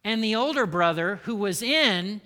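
Male pastor, sermon delivery, high voice, asks the room questions. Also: expressive, moderate pace, sharp tone, long reverb tail. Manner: rhetorical questions to the congregation.

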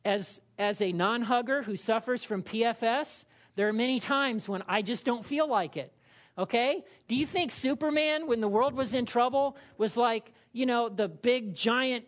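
A man's voice: very high-pitched, moderate pace, fairly bright tone. A male pastor preaching in a conversational, humorous way, often checking in with the congregation. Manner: conversational and humorous, with frequent "all right?" check-ins. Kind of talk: sermon.

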